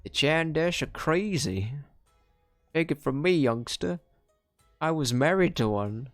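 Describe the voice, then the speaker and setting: A man voicing a bitter, distrustful old man in a video game, ranting gruffly and calling the listener youngster. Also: on the high side, lively intonation, unhurried, a bit bright, no room sound, soft background music, pitched above the performer's own voice. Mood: grumbling.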